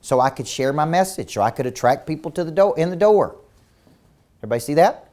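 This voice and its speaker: A business coach leads a virtual seminar with intensity and emphasis, peppering his audience with rhetorical questions and repeating words as he launches each point. His voice is a little high and darkish in tone, with lively intonation and a quick pace.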